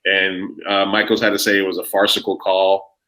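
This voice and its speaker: A man's voice: deep voice, monotone, normal speed, pushed and bright, rough recording. A man, telling a rambling, profane story as a podcast guest. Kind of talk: casual chat.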